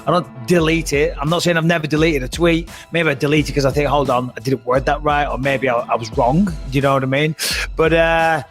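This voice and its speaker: A man's voice: a little high, steady tone, brisk, soft background music. A man hosting a casual podcast chat, talking bluntly and emphatically and swearing freely. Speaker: podcast host.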